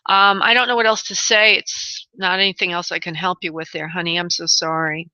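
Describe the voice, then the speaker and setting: A woman hosting psychic call-in radio, her voice bright and forward in a dry, close sound. She soothes callers with honey and love and thinks aloud as she tunes in. The audio is a little dull and lo-fi. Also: fairly low pitch, steady tone, clear, resonant tone, dry recording. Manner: thinks aloud, pauses to tune in. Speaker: radio show host and spirit medium.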